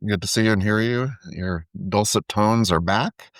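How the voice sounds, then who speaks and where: A man's voice: on the low side, normal speed, dry recording, studio quality. A man co-hosting a podcast in casual chat, speaking thoughtfully and hesitantly and often restarting his words. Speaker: podcast co-host.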